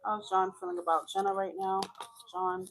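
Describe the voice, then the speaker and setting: A woman's voice: medium pitch, flat delivery, normal speed, heavy background noise. A woman giving a chatty tarot reading, frank and talkative, laughing often. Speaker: tarot reader.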